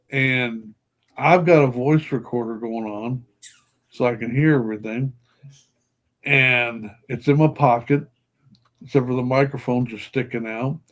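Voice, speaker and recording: Older man, a guest telling an animated story, mid-range voice, slightly dull recording. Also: mid-range voice. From Kentucky, USA. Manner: animated storyteller, laughs often, acts out quotes. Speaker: podcast guest, paranormal investigator. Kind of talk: storytelling anecdote in casual chat.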